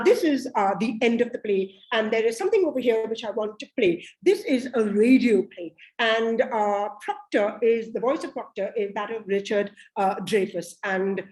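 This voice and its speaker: A woman's voice: on the high side, a little mellow, echoey room, poor audio. A woman lecturing on a play over a video call, explaining with many fillers. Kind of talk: online literature lecture.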